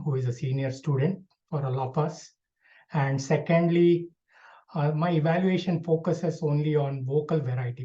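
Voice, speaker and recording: Man, evaluator at an online meeting, dark mellow tone, halting delivery full of fillers, dull lo-fi call audio. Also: a little high. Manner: hesitant, many fillers and restarts. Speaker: speech evaluator. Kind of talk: online club speech evaluation. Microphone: video call.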